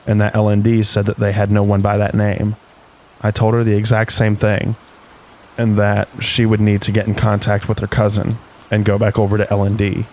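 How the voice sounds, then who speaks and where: A man reading stories aloud in calm, unhurried scripted narration meant for falling asleep. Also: lowish voice. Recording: faint rain noise behind.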